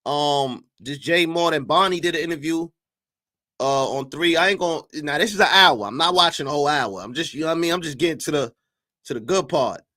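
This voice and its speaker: A young man hosting a live stream, reacting to a clip with animated, incredulous commentary and talking to his chat. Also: on the high side, brisk. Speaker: streamer reacting to battle rap clips.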